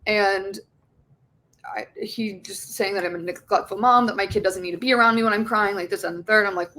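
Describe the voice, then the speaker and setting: A woman's voice: mid-range voice, a little fast, sharp tone. A young woman as an interview guest, candidly telling a personal story, swearing often and acting out the voices of others. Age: young adult.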